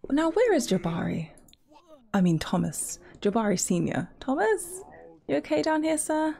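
A young woman giving crude, excitable running commentary while she plays a life-simulation game. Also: high voice, moderate pace, gravelly. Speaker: gaming streamer. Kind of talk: casual let's-play commentary.

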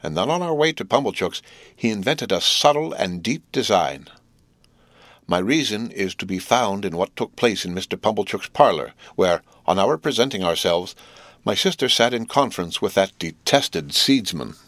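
Low-voiced male audiobook narrator. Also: animated, normal speed, fairly bright tone, no room sound. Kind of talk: scripted narration.

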